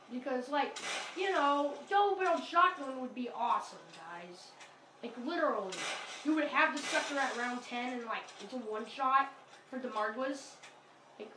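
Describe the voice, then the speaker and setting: Excitable high-voiced woman gaming. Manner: excitable, exclaims and apologizes often. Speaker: gameplay commentator. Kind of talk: casual game commentary. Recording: roomy, distant mic, noisy game audio.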